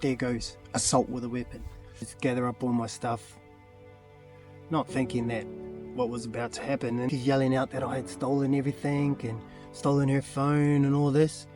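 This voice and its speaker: A man with a New Zealand accent recounts his story to camera in a confessional, halting way. He speaks plainly, trailing off into fillers and asides. His voice sits at a middling pitch, with soft music playing faintly underneath. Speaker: vlogger.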